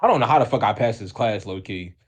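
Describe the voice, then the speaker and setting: A man's voice: lowish voice, expressive, fast, slightly rough. A young man co-hosting a podcast in casual chat, joking and teasing with a lot of swearing. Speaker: podcast co-host.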